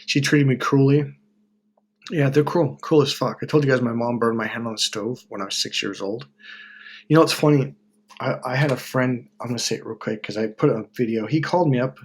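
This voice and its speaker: Husky, profane man talking to camera. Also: medium pitch, fairly quick. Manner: blunt and profane, swings into loud mocking voices when quoting others. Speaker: self-help video host. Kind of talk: casual monologue to camera.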